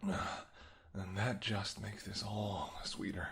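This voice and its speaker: A man voicing a flirtatious, predatory male vampire in a whispered role-play, speaking in a soft, teasing, seductive murmur. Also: on the low side, flat delivery, slow, creaky, heavily acted. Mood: hungry. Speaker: voice actor.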